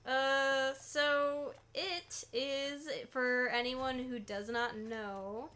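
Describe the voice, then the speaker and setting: A woman's voice: sits high, fairly even intonation, extremely slow, sharp tone. A woman co-hosting a casual gameplay chat, blunt and swearing freely, with many filler sounds. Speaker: co-host. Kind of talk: casual chat during a game playthrough.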